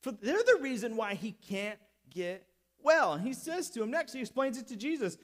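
A male pastor preaching a sermon in a conversational, animated way, often repeating phrases for emphasis. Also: very high voice, moderate pace.

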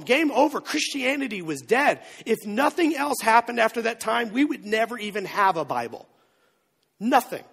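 A man preaching a sermon as a pastor, telling the story in an animated way, acting out quotes and joking. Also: high-pitched, gravelly, breathy edge. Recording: echoey hall with long reverb.

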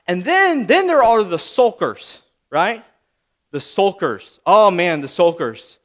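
In a high-pitched, fairly bright voice, a man preaches a chatty, conversational sermon. He acts out short bits of dialogue in little voices and keeps adding "right?".

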